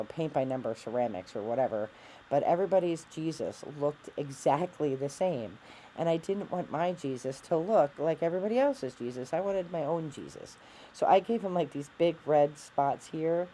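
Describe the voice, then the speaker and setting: Middle-aged woman vlogger, candid and rambling, self-deprecating, mellow tone, faint background noise. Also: deep voice, poor audio. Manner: rambling, self-deprecating, with frequent fillers and restarts. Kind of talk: candid personal vlog.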